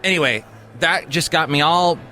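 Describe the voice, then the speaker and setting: A man hosting a podcast, chatting casually in a rambling, halting way with plenty of fillers. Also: fairly high pitch, pushed and bright. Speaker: podcast host. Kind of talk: casual chat.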